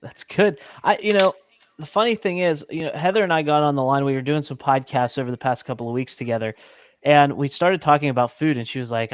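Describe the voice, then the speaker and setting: A man's voice: on the high side, fairly even intonation, a little fast, clear, resonant tone, no room sound. A man hosting a casual live-streamed cooking chat, upbeat and talkative, reading out viewers' comments as he goes. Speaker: host.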